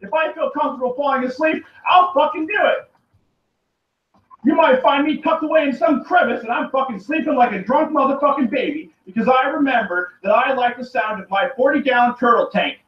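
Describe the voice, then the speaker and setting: A man on his own, in an angry and rambling rant full of swearing that keeps circling back and sometimes breaks into shouting. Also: very high voice, a little fast, hardly any pauses. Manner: profane, rambling and repetitive, often shouting. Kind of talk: angry solo rant to camera. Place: room by a running turtle tank. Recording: echoey, distant, dull lo-fi. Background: running water.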